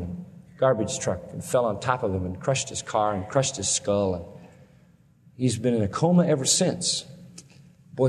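A man preaching a sermon, animated, with his pitch leaping up on questions and dropping low and quiet for sad stories. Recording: long reverb of a large hall.

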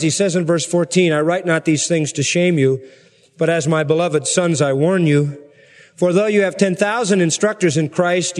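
A man preaching a sermon as pastor, emphatic, with forceful rhetorical peaks. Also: on the high side. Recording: long hall reverb.

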